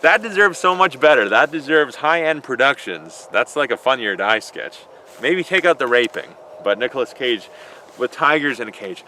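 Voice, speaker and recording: Man, vlog Q&A outdoors, bright voice, loose and joking, swears a lot, faint traffic. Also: mid-range voice, expressive, normal speed. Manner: rambling, joking, profane. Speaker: vlogger answering viewer questions. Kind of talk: casual Q&A vlog. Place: outdoors in a built-up area.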